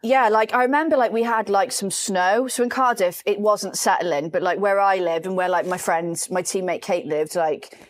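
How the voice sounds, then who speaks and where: Woman, thirties, casual storytelling, animated, mocking impressions. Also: normal speed, few pauses. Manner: animated, mimics a colleague in a low mocking voice. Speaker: podcast co-host.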